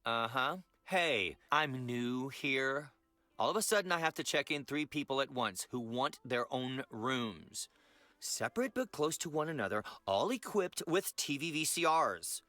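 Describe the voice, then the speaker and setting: An actor playing a new motel clerk who sounds hurried and flustered by too much work. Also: male voice, mid-range voice, animated, sharp tone, dry recording.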